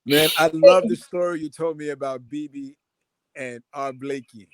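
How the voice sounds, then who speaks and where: A man's voice: a little high, fairly even intonation, moderate pace, crowd noise. A man in casual chat, speaking enthusiastically and restarting his words often. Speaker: guest musician.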